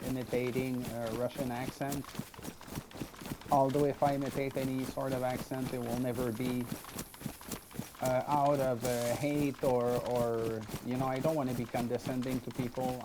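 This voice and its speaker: A man stepping out of his game role-play to talk to viewers in an earnest, slightly halting way. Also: medium pitch, noisy background. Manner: earnest, apologetic, a little halting. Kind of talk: casual aside to viewers.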